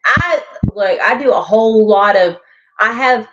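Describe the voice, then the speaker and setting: A woman's voice: a little high, animated, a little slow, lo-fi sound, loud music behind the voice. A woman guest on a tarot stream, chatting shyly and laughing. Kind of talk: casual chat.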